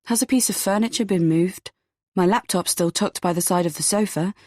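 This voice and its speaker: A woman with a lowish voice tells a first-person story in a steady, even way. The sound is close and dry, with no room around it. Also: a little fast, no echo. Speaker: audiobook narrator. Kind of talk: first-person scripted narration.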